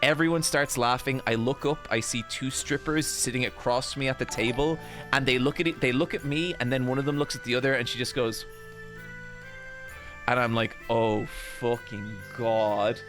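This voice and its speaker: Animated Irish man telling a story. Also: mid-range voice, a little fast, music in the background. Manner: animated, self-deprecating, swears freely. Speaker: podcast host. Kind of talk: casual anecdote storytelling.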